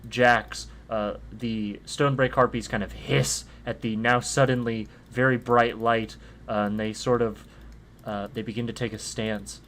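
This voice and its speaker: A young man acting as dungeon master, narrating combat in a relaxed way with plenty of filler sounds, recorded on a home mic over a voice call. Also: mid-range voice. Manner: easygoing, many "uh" fillers, vivid combat narration. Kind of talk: narrating a tabletop game online.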